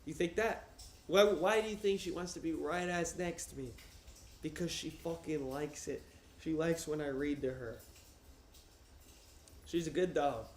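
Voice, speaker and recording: A young man streaming from his couch, joking loudly and swearing as he chats with viewers and reads aloud. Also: on the high side, measured pace, long pauses, echoey room, slight background noise. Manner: loud, profane, joking. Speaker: streamer reading to chat. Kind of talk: casual livestream chat and reading aloud. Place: home, on a couch. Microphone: wearing headphones.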